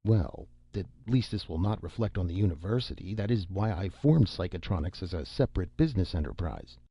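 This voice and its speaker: A man's voice: low voice, expressive, fairly quick, warm tone, husky, no echo, heavily acted. A man voicing a thoughtful older male scientist in an audiobook, mild and academic. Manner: mild, academic, politely insistent. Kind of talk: scripted audiobook narration. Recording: dull lo-fi recording.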